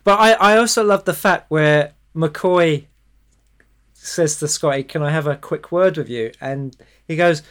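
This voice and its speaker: A host speaks at an unhurried pace, moving the talk along between guests. The host laughs often and acts out lines from the film. The voice sits at a middle pitch. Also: lively intonation. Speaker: podcast host. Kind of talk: casual film discussion.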